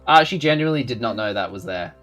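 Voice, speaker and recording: Animated man running a tabletop game. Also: medium pitch, quick pace, soft background music. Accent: Australian. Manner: relaxed, full of ums and uhs. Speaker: game master.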